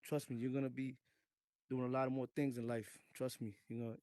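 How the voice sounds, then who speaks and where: A man in an online voice chat who speaks earnestly and haltingly, offering comfort and religious encouragement. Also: medium pitch, level tone, a little mellow, no room sound. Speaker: participant. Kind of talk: casual group voice chat.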